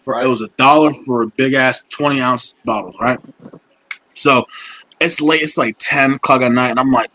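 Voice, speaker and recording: A man's voice: medium pitch, steady tone, a little fast, sharp tone, low-quality recording. A young man in casual chat, animatedly telling a story full of slang and acting out the quotes.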